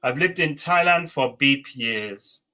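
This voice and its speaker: Slow, bright-voiced English teacher trainer. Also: male voice, medium pitch, lively intonation, poor audio. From England. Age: 40s. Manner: slow, clear dictation with encouraging feedback. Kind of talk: online teacher training session.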